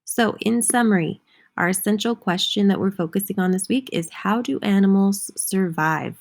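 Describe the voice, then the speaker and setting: A young adult woman teacher giving a slow, clear lesson for young children, patiently spelling words out letter by letter. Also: medium pitch.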